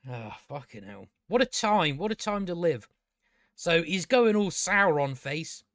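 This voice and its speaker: A man's voice: on the high side, sing-song, unhurried, a bit bright, dry recording, clean studio sound. A man ranting sarcastically as he reviews a show, swearing a lot and mocking the characters. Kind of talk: casual profane rant.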